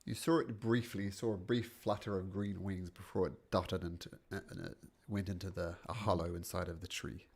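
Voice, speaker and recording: A man narrating as game master in a tabletop game, calm and descriptive. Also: low-pitched, moderate pace, creaky, hardly any pauses, husky.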